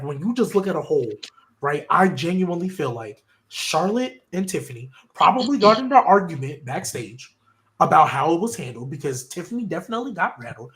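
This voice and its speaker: A man's voice: on the high side, a bit bright. A man hosting a casual wrestling podcast, talking in an opinionated, rambling way with frequent restarts. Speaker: podcast host.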